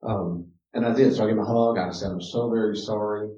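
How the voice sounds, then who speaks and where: A man, a counselor, giving an informal teaching talk with personal stories. He is animated and restarts often, dropping to quiet asides and rising to loud emphasis. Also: on the low side, fairly quick. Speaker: counselor teaching a parenting class. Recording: echoey room, distant mic, dull sound.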